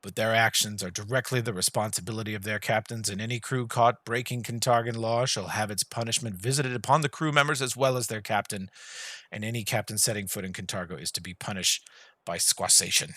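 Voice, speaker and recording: A man doing a smug, soft-spoken city ruler. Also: fairly low pitch, dry recording. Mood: coldly decreeing. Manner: slow, measured, soft-spoken proclamations. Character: smug, smiling male city ruler addressing crowds.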